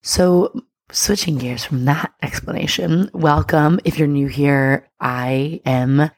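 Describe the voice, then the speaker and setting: A woman with a low, gravelly, raspy voice chats breezily as a podcast host. Her talk is loose and upbeat, full of casual asides. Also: slow, dry recording, studio quality. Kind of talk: casual spiritual podcast chat.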